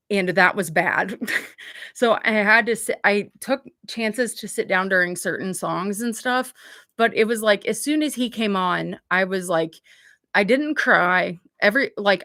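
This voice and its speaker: A woman's voice: medium pitch, a bit bright, no echo, clean studio sound. Rambling, chatty woman livestreamer. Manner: rambling, chatty, heavy on "like" fillers; blunt, swears freely. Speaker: livestream host. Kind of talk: casual livestream chat.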